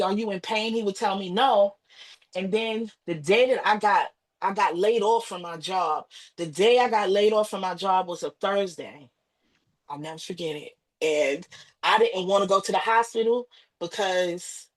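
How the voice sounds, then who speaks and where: American woman telling an emotional story. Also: poor audio. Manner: acts out quoted voices, rising high and emotional. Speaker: podcast guest.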